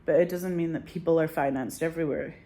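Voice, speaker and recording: A woman's voice: sits low, fairly even intonation, fast, dark tone. A middle-aged woman chatting casually to her viewers, rambling and anxious, swearing often. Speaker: vlogger. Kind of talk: casual chat to camera.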